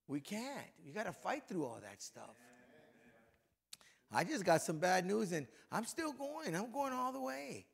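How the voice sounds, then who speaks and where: A middle-aged man preaching to a men's breakfast with a voice worn hoarse from yelling, conversational and then fervent in prayer. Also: high-pitched, big pitch swings, a little slow. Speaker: pastor.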